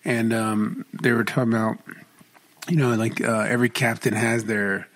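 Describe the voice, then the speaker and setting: A man's voice: mid-range voice, little pitch movement, moderate pace, a bit bright, dry recording. A man co-hosting a podcast, chatting casually and teasing his friend with jokes. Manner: joking, teasing banter. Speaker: podcast co-host. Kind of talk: casual chat.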